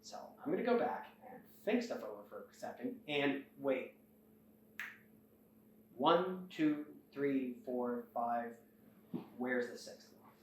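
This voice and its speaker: A man's voice: mid-range voice, slow, a little hiss or hum. Rambling man in an echoey room. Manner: rambling, animated retelling with acted-out quotes. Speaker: host. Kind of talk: casual plot recap. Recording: echoey room, far from the mic.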